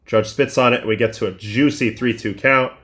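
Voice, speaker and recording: A middle-aged man hosting a livestream, casually breaking down baseball pitches one by one and thinking aloud with restarts and fillers. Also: fairly even intonation, brisk, a bit bright. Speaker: livestream host breaking down game film.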